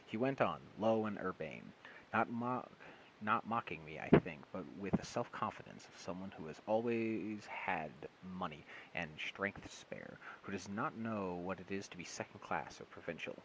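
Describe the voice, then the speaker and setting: A man's voice: sits low, expressive, moderate pace, a bit bright, a little hiss or hum, low-quality recording. Man casually reading a story aloud. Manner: stumbling, self-correcting, with amused asides. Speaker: audiobook reader.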